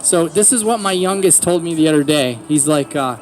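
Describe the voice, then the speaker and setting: A man in his forties doing a stand-up comedy set outdoors in a park, telling stories deadpan with self-mocking punchlines. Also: a little high, brisk, few pauses, soft background music. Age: 40s. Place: outdoors in a city park under a tree.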